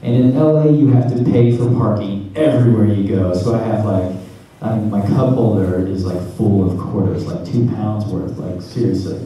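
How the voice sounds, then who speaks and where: A man in his thirties from the American South, a guest on a convention panel, animatedly tells a funny story to the audience and laughs as he goes. His voice is fairly low and dark, at a moderate pace with few pauses. He's recorded from afar in a large, echoey convention hall with noise.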